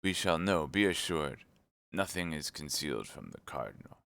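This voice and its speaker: A man voicing a shrewd, commanding older cardinal who questions in a measured way. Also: rumbling low, sing-song, vocal fry, fairly bright tone, no echo, heavily acted. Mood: probing.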